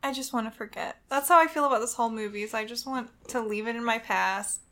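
A woman co-hosting a podcast, chatting casually about a movie with dry, deadpan jokes. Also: a little high, fast. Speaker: podcast co-host. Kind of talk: casual comedic movie-review chat.

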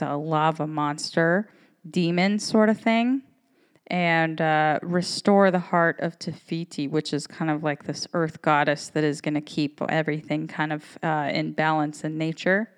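A woman's voice: low voice, fairly even intonation, unhurried, clean tone. A woman in her thirties hosting a podcast, talking in a candid, rambling, profane way. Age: 30s. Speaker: podcast host. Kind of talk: casual monologue.

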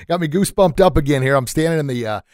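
A man hosting a podcast interview in a small sound room, excitable and quick to laugh, often stumbling over his words. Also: fairly high pitch, no room sound, clean studio sound. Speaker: podcast host. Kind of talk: casual chat.

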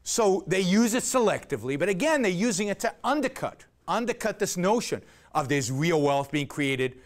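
A man's voice: high-pitched, sing-song, moderate pace. A man giving an argumentative lecture, emphatic and sarcastic, peppering his points with rhetorical questions and "right?".

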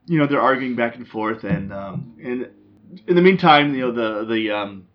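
A man's voice: medium pitch, expressive, moderate pace. A man hosting a casual movie chat, rambling with lots of ums and restarts. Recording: dull lo-fi sound.

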